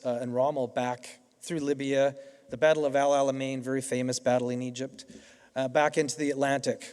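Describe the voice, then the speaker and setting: Speaking at a convocation in a big, echoing hall, this middle-aged Canadian keynote speaker has a medium-pitched, darkish, clear and resonant voice. He talks briskly with fairly flat intonation, spinning conversational stories and frequently starting over mid-thought.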